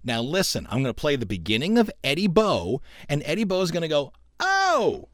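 A man hosting a college radio music show, explaining things in an animated storytelling way. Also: on the high side, fairly quick, dry recording, clean studio sound. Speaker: radio host. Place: radio studio.

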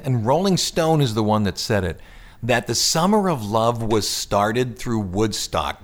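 A man hosting a radio show and interviewing a guest, asking his questions in a lively way. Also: on the low side, unhurried. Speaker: radio host.

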